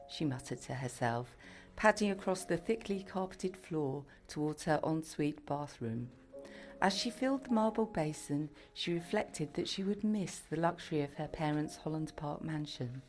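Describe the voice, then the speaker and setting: A woman's voice: sits low, expressive, moderate pace, darkish tone, faint music behind. Woman reading a story aloud. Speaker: narrator. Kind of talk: scripted story narration.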